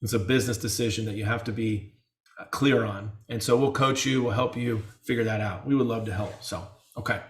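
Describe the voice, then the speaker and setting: A man's voice: lowish voice, fairly even intonation, a little fast. A man coaching dentists in casual webinar talk, earnest, often repeating and restarting words. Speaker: dental practice coach. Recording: roomy echo.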